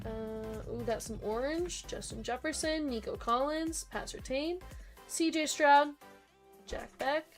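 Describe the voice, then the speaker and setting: Young woman, high voice, breaks host, quick chatty name lists, faint music behind. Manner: rapid listing of names, chatty asides to viewers. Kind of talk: live-stream card break commentary.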